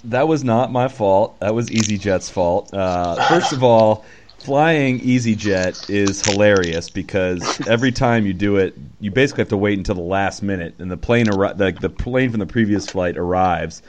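A man hosting a casual golf podcast, upbeat and quick to laugh, with lively asides. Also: lowish voice, background noise. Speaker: podcast host.

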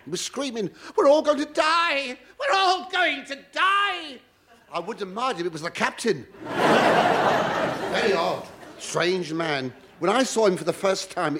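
Camp theatrical comedian. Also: male voice, on the high side. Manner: camp, theatrical, mock-indignant. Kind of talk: stand-up comedy monologue. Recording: noisy old broadcast recording.

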